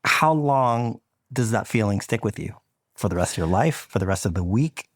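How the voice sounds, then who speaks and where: A man's voice: fairly low pitch, animated, moderate pace, no echo, studio quality. A man hosting a podcast, interviewing a guest and jumping in eagerly with follow-up questions, repeating words as he starts. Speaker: podcast host.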